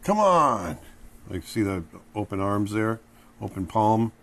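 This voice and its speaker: A man's voice: lowish voice, measured pace. A middle-aged man giving a casual drawing lesson as he sketches, now and then acting out the emotions he draws. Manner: relaxed, acts out emotions in bursts while drawing. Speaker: drawing instructor.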